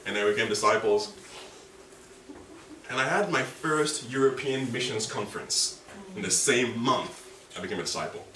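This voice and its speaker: A man preaching a sermon with passion, rising to high, emotional pleas. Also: normal speed, long pauses, sharp tone, slight background noise. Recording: echoey room from a distance.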